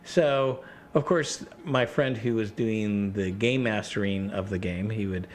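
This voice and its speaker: A man spins gaming stories in loose, rambling chat, and his voice jumps up high whenever he quotes someone. He sits fairly low in pitch. A faint hiss runs under the recording. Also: unhurried. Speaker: podcast guest. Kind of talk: casual storytelling chat.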